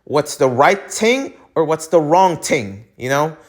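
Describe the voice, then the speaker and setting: A man's voice: a little high, very animated, slow. A man from the United States hosting his own podcast, who rambles with lots of fillers and restarts and gets heated and emphatic. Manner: heated and emphatic when ranting. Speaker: podcast host. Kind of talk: solo podcast rant.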